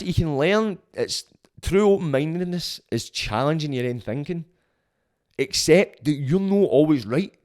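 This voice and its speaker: A man's voice: fairly high pitch, a little mellow. A young Scottish man hosting a podcast, giving a blunt, sweary, opinionated monologue that grows heated. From Scotland. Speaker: podcast host.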